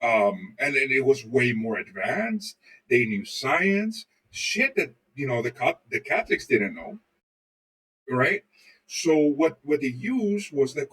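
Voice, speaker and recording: A man's voice: medium pitch, sing-song, unhurried, fairly bright tone, slightly rough, distant mic, poor audio. A man co-hosting a podcast, chatting casually and telling loose, profane stories full of swearing. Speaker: podcast co-host. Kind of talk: casual chat, rambling storytelling.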